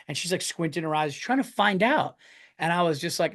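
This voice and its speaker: On his own podcast, an American comedian in middle age tells a meandering story, cursing often and restarting sentences as he goes. His voice is gravelly, a little high, and quick.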